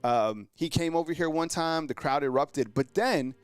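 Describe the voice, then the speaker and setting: A man hosting a casual live sports show, talking excitedly in slang to his viewers, heavy on fillers and exclamations. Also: a little high, moderate pace, clear, resonant tone, no echo, soft background music. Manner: animated, exclaims and addresses viewers as fam. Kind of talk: casual live-stream commentary.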